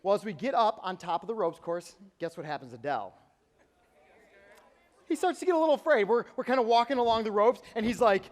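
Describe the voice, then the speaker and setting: A young man with a high, bright voice preaching to a youth crowd in a large church auditorium. He tells stories with lively energy and slips into the voices of the people in them. Long reverb from the big hall trails after every phrase. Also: a little fast. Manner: animated storytelling, acting out quotes. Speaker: youth pastor. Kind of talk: youth sermon.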